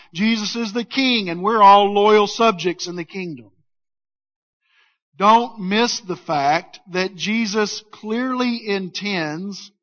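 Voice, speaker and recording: High-voiced preacher, slow and emphatic. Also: male voice, a bit bright. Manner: emphatic preaching with call-and-response and slow weighty phrases. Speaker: pastor. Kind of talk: sermon. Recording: dull lo-fi sound.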